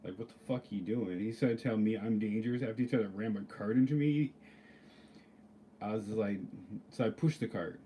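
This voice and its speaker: A man tells a workplace story straight to the camera in a loose, profane ramble, full of "like" and "you know". His voice sits on the low side and has a dark, mellow tone. There is a faint hum of ambience behind him. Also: fairly quick. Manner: rambling, profane, lots of "like" fillers. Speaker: vlogger. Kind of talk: casual storytelling rant.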